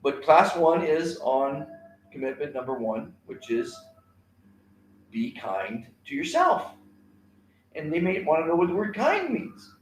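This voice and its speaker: A man's voice: on the high side, very animated, unhurried, pauses often, reverberant, slight background noise, low-quality recording. A man teaching a kindness class alone on a live stream, rambling with many fillers and repeated words.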